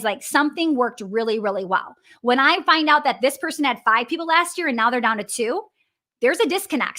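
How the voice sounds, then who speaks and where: Wisconsin-accented woman, business coach host; high, bright, chatty and upbeat, checking in with her audience. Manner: chatty, upbeat, peppers talk with "right?" and "okay?". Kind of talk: live coaching session answering viewers.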